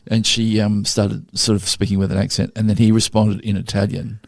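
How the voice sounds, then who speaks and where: Australian man, podcast co-host, gravelly and wry, dry studio sound. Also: lowish voice, flat delivery, brisk, no echo. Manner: wry, tells anecdotes. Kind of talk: casual chat.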